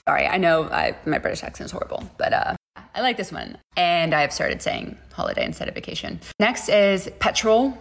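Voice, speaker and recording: A woman's voice: on the low side, sing-song, moderate pace, gravelly, a bit bright. A woman with an American accent talking to camera in a playful, chatty vlog. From United States. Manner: playful and chatty, laughing between points. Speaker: vlogger. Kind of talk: casual vlog chat.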